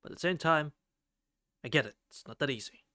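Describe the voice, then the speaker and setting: A man's voice: a little high, fairly quick, sharp tone, dry recording, studio quality. A man live-streaming a game, reading its text aloud and chatting, swearing freely. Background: game music.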